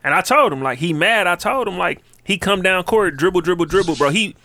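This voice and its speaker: A man's voice: high voice, expressive, a little fast, bright, forceful tone, no echo. A man in his thirties, a podcast co-host, telling laid-back, slangy stories in casual chat. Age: 30s.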